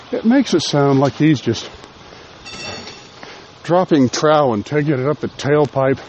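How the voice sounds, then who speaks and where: The sound is dull, and the background is noisy as this man walks outside hosting his laid-back solo podcast. Slightly out of breath, he chats in a self-deprecating way, using a mid-range voice with lively intonation at a moderate pace.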